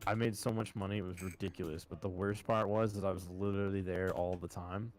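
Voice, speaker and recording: Low-pitched male podcast host, relaxed profane storyteller. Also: fast talker. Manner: swears a lot, storytelling, calls listeners boys. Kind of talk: casual chat.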